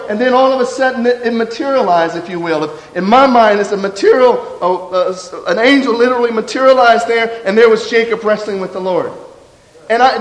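A man preaching a sermon with passion, dropping low and soft when he voices a confession. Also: echoey room, big-room sound, rough recording. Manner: impassioned, drops low and soft for quoted confessions.

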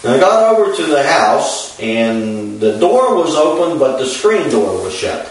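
A man tells a story from the pulpit in a folksy, unhurried way, often pausing on fillers. His voice sits at an ordinary middle pitch. It sounds echoey and far from the microphone. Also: sing-song. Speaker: preacher. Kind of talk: storytelling sermon.

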